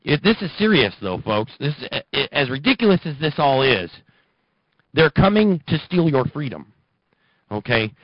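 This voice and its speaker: A man's voice: a little high, big pitch swings, normal speed, no room sound, dull audio. A man hosting a political talk radio show, ranting and mocking in a sarcastic monologue.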